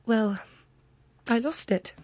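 A woman's voice: fairly high pitch, slow, a little mellow, voice pushed up. A woman reading the part of a poor, worn-down Frenchwoman who speaks earnestly and with rising emotion. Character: worn-down poor Frenchwoman, middle-aged, proud.

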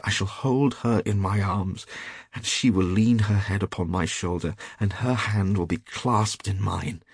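A lovesick young student, as a deep husky man reads him. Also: no room sound, studio quality, exaggerated voice.

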